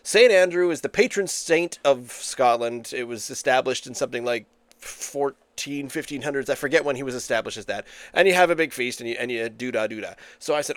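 A man's voice: mid-range voice, a little fast, dry recording. A man hosting a podcast in casual chat, reading facts he looks up online. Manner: chatty, reads facts off the internet aloud. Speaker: podcast host.

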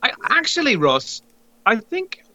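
A middle-aged man co-hosting a casual beer-tasting chat, enthusiastic and expressive, calling his co-host mate. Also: very high voice, measured pace, a crowd in the background, poor audio. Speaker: podcast co-host reviewing beers.

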